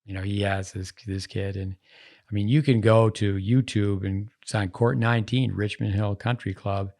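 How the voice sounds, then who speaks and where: A man hosts a podcast at a moderate pace, his fairly low, darkish voice holding a steady tone. He rambles casually, one story spilling into another.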